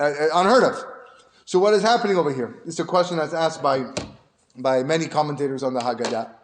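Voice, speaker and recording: A male rabbi giving a Torah lesson, telling a story and building to animated emphasis. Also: on the high side.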